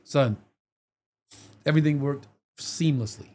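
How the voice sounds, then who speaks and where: A middle-aged man, co-hosting a podcast, tells a story in animated fashion, acting out other people's lines in streetwise, profane slang. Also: on the high side, unhurried, a little hiss or hum. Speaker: podcast co-host.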